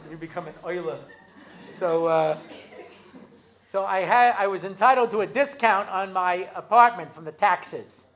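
A man's voice: sits high, a little slow, a bit bright. An American man lectures an audience as a rabbi and spins funny stories from his own life. He talks in a loose, chatty way, full of asides and small fillers, and drops into Hebrew phrases when he acts out a scene. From United States. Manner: chatty storytelling, many asides and fillers, jokes, switches into Hebrew. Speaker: rabbi giving a talk. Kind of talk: humorous lecture with acted-out anecdotes. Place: talk given to an audience.

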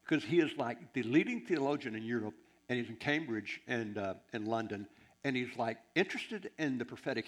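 A man preaching in a storytelling sermon, full of asides and restarts. He drops low and soft for side comments, then climbs high and loud when the story peaks. His voice sits at an ordinary middle pitch for a man. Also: vocal fry, breathy edge. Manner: animated, rambling storyteller with laughs and asides.

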